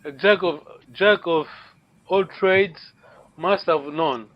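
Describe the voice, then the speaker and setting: A man teaching a language class online, speaking haltingly, repeating words and checking in with his students. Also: fairly high pitch. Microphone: video call. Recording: lo-fi online call audio.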